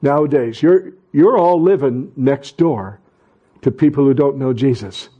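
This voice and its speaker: Unhurried and medium-pitched, a middle-aged male pastor gives a sermon on audio with the highs cut off. He is fervent and repetitive, building to loud exhortation and restarting awkwardly during asides.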